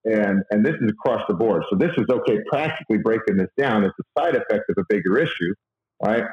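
Earnest man, halting speech, roomy lo-fi sound. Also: lowish voice, animated. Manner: halting, many fillers and restarts, earnest. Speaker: guest sharing faith and money advice. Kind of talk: casual conversational talk.

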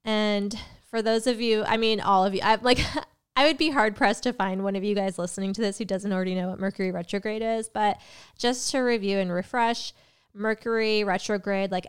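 A woman's voice: mid-range voice, fairly even intonation, normal speed, smooth. A young woman hosting her astrology podcast, talking casually and rambling a bit, with a slight cough. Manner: chatty, rambling, with fillers and self-interruptions. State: has a cough. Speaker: podcast host and tarot reader. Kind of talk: casual solo podcast monologue.

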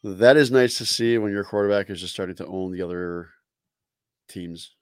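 A man's voice: low-pitched, moderate pace, clean tone, no room sound, studio quality. A man co-hosting a casual sports podcast, laid-back, using fillers as he reels off stats and rumors. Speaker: podcast co-host.

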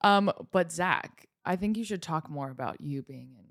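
A woman's voice: lowish voice, normal speed. A young woman from the States co-hosting a podcast, trading teasing jokes and dry asides in a casual chat. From United States. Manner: playful, deadpan jokes, teasing. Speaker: podcast co-host.

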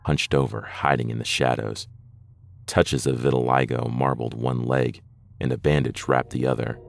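Very deep, gravelly male narrator. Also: dry recording. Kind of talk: scripted horror narration.

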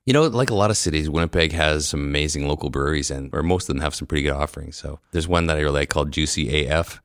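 A man's voice: rumbling low, fairly bright tone, no room sound, studio quality. A man with a Canadian accent, chatting easily as a podcast guest and laughing often. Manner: quick, easygoing, laughs often. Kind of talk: casual interview chat. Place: conference venue.

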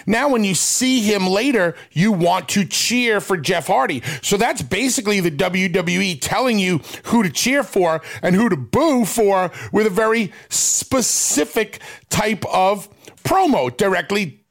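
Brash guy cracking jokes on a chat show, high voice with gravelly fry. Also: expressive, measured pace. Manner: brash, wisecracking. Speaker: co-host. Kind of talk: casual chat.

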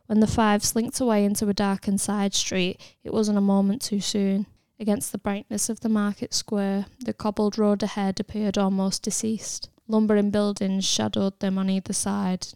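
A woman narrating an audiobook in a steady, even storytelling manner, recorded close in a studio. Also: medium pitch, creaky, clear, resonant tone, no echo. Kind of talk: scripted narration.

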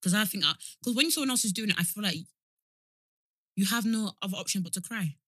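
A woman's voice: mid-range voice, fast, a bit bright, husky, no room sound, clean studio sound. A woman co-hosting a podcast, chatting casually with lots of laughs and slang. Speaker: podcast co-host. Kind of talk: casual chat.

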